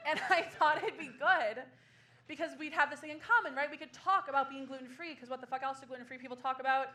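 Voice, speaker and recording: Bright, high-voiced woman doing stand-up. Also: brisk, long pauses. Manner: sardonic, self-mocking, breaks into laughs. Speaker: comedian. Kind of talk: stand-up comedy set with songs. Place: small comedy club stage.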